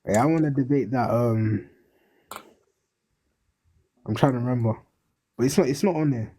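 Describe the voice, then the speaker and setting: Young male caller, mellow husky voice, casual and unsure. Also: mid-range voice, moderate pace. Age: young adult. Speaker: caller in a debate.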